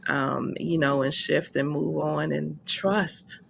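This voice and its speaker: A woman's voice: deep voice, level tone, slow, vocal fry, slightly rough. A woman hosting a casual interview, affirming her guest often and speaking with feeling. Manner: warmly affirming, frequent yeses. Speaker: host.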